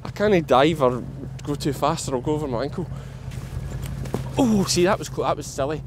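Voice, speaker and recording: A man's voice: fairly high pitch, animated, moderate pace, noisy background. A Scottish man, a sheep farmer, chatting casually to the camera while he works sheep with his dog on a hillside. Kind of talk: casual vlog narration while working. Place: outdoors on a farm hillside.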